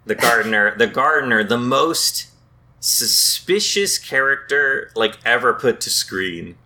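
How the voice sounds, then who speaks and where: A man co-hosting a casual podcast, joking wryly about a movie and tripping over words when excited. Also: medium pitch, a little slow. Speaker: podcast co-host. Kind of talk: casual movie recap chat.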